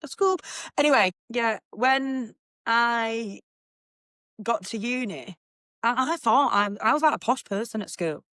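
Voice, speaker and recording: A young Mancunian woman from Manchester, England hosts a podcast, chatting casually in a blunt way and swearing freely. Her slightly high, fairly bright voice moves at a measured pace, recorded with clean studio sound and no echo.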